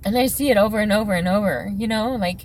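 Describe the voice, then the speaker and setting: A woman's voice: mid-range voice, quick pace, darkish tone, a little hiss or hum, low-quality recording. A middle-aged woman talking casually and emotionally from her car, rambling with many fillers and restarts. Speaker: vlogger. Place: parked car.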